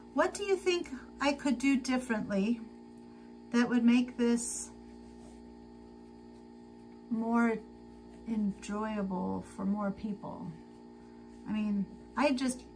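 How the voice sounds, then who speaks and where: A tired woman hosting a casual sewing livestream, chatting slowly to viewers and to herself as she works. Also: fairly high pitch, gravelly, a little mellow, faint music behind, rough recording. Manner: slow, chatty, talks to herself while working. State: tired and sleepy.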